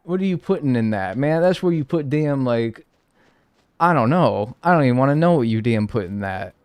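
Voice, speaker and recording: A man's voice: medium pitch, animated, normal speed, clear, resonant tone, no echo. A man chatting casually with his live-stream audience, playful and mock-outraged, swearing as he jokes.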